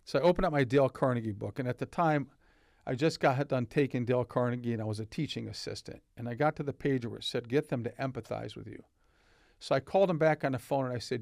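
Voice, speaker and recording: A man's voice: mid-range voice, fast, gravelly, darkish tone, no room sound, studio quality. An older man, a company founder, telling stories in a casual podcast interview and acting out the dialogue. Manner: anecdotal, acts out dialogue in stories. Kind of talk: casual storytelling. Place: podcast studio.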